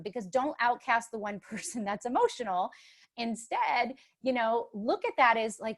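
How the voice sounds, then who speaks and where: A middle-aged woman speaking as a panelist on a motherhood livestream, talking in an expressive, emotional way with many restarts. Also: medium pitch, moderate pace. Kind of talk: casual spoken talk.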